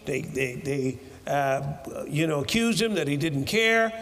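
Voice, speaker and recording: A man preaching a sermon in a church, animated and breaking into shouted bursts. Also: on the high side, a little slow, in a large hall.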